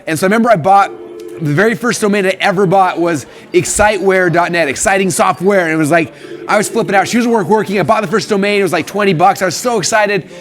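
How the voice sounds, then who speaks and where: Give me an eager man in his thirties telling stories quickly, slightly high-voiced. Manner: eager, excitable, talks in rapid bursts. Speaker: host of a live stream. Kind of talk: casual storytelling.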